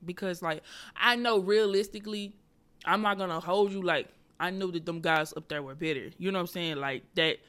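Bright-voiced woman comedian, animated. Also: lowish voice, a little fast. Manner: animated, profane, confessional. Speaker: comedian and podcast host. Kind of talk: casual storytelling monologue.

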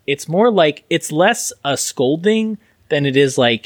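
A man's voice: a little high, expressive, unhurried, hardly any pauses, no echo. Enthusiastic man praising a film, dry sound. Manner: enthusiastic, rambling, many restarts. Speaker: podcast co-host. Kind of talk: casual film podcast discussion.

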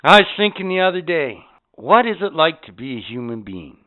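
A male podcast host talks in a loose, profane rant, swearing freely as he tells his stories. His voice sits a touch high and comes through smooth and resonant. The recording is narrow and tinny, like a phone line. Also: brisk. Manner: profane, animated storytelling.

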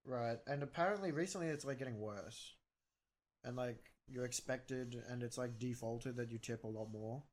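A man's voice: medium pitch, moderate pace. A young Australian man co-hosting a podcast, chatting casually, joking and swearing freely. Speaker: podcast co-host. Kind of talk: casual chat.

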